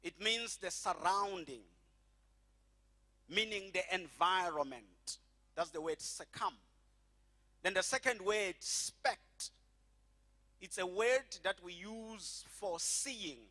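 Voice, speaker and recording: A middle-aged man preaching with a high, ringing voice. He leans on key phrases, drawing them out slowly and calling the congregation to say them back. His tone is bright and forceful from the pulpit. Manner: emphatic preaching, slows and stretches key phrases, has congregation repeat after him. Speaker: pastor. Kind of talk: sermon.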